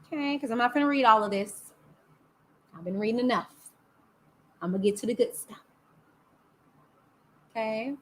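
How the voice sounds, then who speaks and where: Sassy high-voiced woman streamer. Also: moderate pace, long pauses, slight background noise. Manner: sassy, chatty, talks back to chat. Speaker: YouTube host. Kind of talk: casual live-stream commentary.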